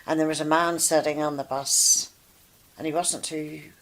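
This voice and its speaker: Low-voiced woman telling a story. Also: steady tone, normal speed, low-quality recording. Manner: chatty, lots of fillers. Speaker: co-host. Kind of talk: casual chat, storytelling.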